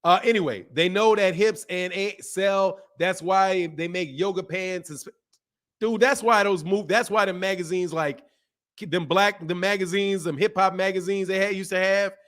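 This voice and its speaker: A man in his forties hosting a channel, talking in an animated, repetitive casual rant and laughing often. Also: high-pitched, normal speed. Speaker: boxing channel host.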